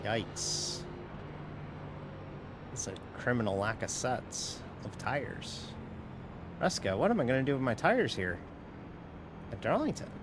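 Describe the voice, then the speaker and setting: A man's voice: medium pitch, very animated, slow pace, long pauses, noisy background. A man casually commenting while streaming a sim race, rambling and joking and laughing often.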